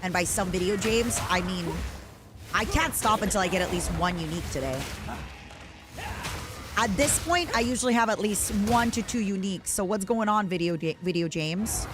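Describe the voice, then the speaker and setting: A woman's voice: medium pitch, moderate pace, music in the background. Playful woman streamer chatting over gameplay. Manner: playful, animated rambling. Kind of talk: casual gameplay chat.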